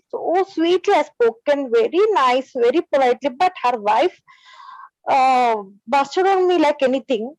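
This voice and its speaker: High-pitched hesitant woman on a video call. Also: animated, a little mellow, dry recording, rough recording. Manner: hesitant, full of pauses and restarts. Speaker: participant asking a question. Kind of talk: halting spoken question in online class.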